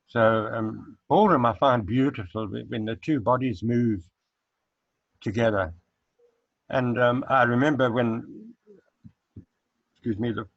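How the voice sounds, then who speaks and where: An older man from South Africa, a guest chatting casually in an interview, unhurried and reminiscing, with frequent hesitant fillers. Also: medium pitch, no room sound. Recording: dull lo-fi recording.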